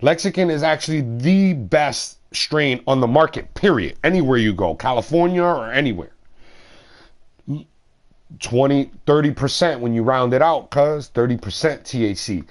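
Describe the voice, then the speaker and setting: A man's voice: medium pitch, lively intonation, normal speed. A man streaming a game, chatting casually in a slangy, rambling way and swearing freely. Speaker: gaming streamer.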